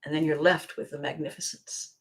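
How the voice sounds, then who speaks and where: A woman hosts her own podcast in a reflective, motivational monologue. She lingers over her phrases and leaves dramatic pauses. At times her voice sinks to a near-whisper for emphasis. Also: low voice, little pitch movement. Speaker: podcast host.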